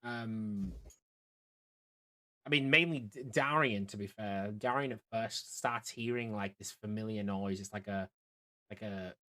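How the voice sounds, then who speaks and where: A man's voice: lowish voice, a little slow, pushed and bright. A man narrating a tabletop game as game master, rambling with many fillers and restarts.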